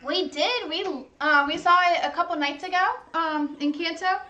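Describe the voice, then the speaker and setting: A woman's voice: extremely high pitch, steady tone, moderate pace, sharp tone, muffled recording. A woman hosting a livestream, chatting casually while eating, gushing and talkative with many "like"s. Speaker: livestream host.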